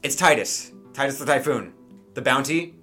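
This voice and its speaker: A man voicing a flustered young woman in a tabletop game, speaking in halting starts. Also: mid-range voice, sing-song, a bit bright, soft background music, exaggerated voice.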